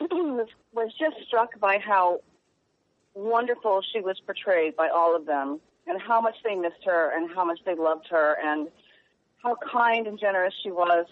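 A woman journalist speaking earnestly and emotionally as a guest in a radio interview, halting now and then. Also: medium pitch. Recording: tinny phone line.

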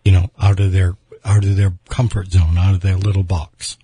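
Low, husky-voiced podcast co-host man. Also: level tone, moderate pace, dark tone, no echo. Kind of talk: casual podcast talk.

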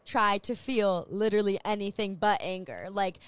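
A woman's voice: mid-range voice, moderate pace, smooth. A young woman talking earnestly and reflectively in a casual podcast chat, sharing advice.

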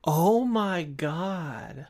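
A podcast co-host in a casual, joking chat about a cartoon. The voice sits at a middle pitch and has a gravelly fry. The delivery is wry and laid-back. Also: lively intonation, drawn-out words, very noisy.

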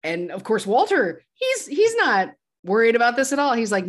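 A woman co-hosting a podcast, retelling a movie in an animated, jokey way. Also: fairly high pitch, normal speed. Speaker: podcast co-host. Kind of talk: casual movie recap chat.

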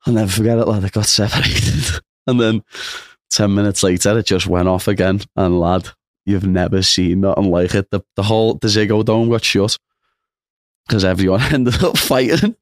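Deep-voiced young man. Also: fairly even intonation, normal speed, dry recording, clean studio sound. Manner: chatty, says "lad" and "you know what I mean". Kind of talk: casual chat.

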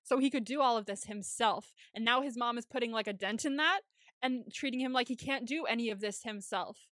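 A young woman co-hosting a casual recap podcast, talking in an animated way, swearing and laughing often. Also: a little high, a little fast, dry recording, clean studio sound. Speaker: podcast co-host.

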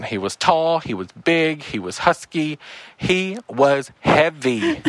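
Animated male storyteller, lively swings. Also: mid-range voice, dry recording. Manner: lively, emphatic, acts out shouted quotes. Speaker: caller leaving a voicemail story.

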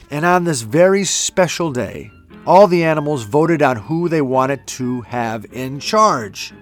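A man narrating a children's storybook in a gentle, playful read-aloud. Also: on the high side, animated, a little slow. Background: faint music.

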